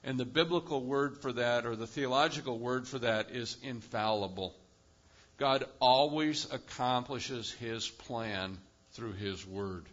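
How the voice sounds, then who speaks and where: A male pastor preaching a sermon with emphatic delivery, swinging between loud, high-pitched bursts and quiet, low drops. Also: unhurried, dull audio. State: lives with chronic pain.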